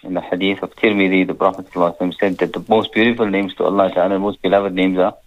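A man's voice: low voice, fairly even intonation, very fast, lo-fi sound. A man talking as an Islamic scholar on a radio call-in show, answering listener questions in casual chat and playfully imitating people in his stories. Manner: jokey, imitates people in anecdotes.

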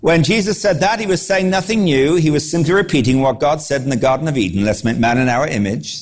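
A man preaching a sermon, animated and quick to act out the voices of the people he quotes. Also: a little high.

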